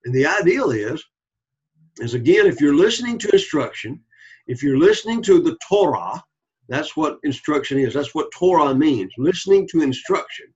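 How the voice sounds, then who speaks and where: A man's voice: on the high side, big pitch swings, normal speed, breathy edge, highs cut off. A man teaching a Bible study lecture, repeating key points and checking in with the class.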